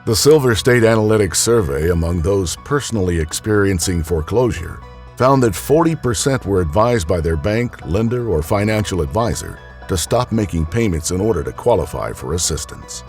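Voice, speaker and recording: A man with a deep, low voice narrates a documentary in a measured, scripted delivery. Music plays clearly behind him. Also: animated, a little mellow. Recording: voice-over with background music.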